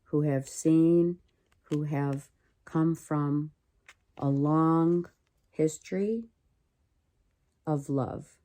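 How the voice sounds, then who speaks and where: Woman tarot reader, low and dark-toned, slow unhurried delivery, thinks aloud and circles back on her words. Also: fairly even intonation. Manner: musing, repetitive, thinks aloud with restarts. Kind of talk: casual tarot reading.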